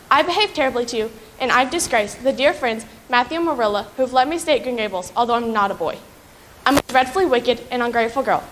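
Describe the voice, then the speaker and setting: A woman's voice: high voice, a bit bright, slight background noise. A student performing an outspoken, imaginative orphan girl begging forgiveness in a recited declamation. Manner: pleading, theatrical.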